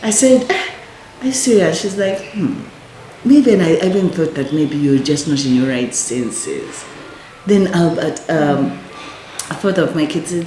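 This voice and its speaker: A woman telling her addiction recovery story as a podcast guest, animated and acting out other people's lines. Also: sits low, unhurried. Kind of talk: casual storytelling chat. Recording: echoey room with faint noise.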